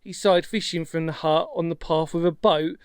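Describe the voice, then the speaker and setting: A man's voice: fairly high pitch, fairly even intonation, normal speed, clean tone, no echo. A man chatting casually as a history vlog presenter on a coastal path outdoors, rambling and self-deprecating with lots of fillers.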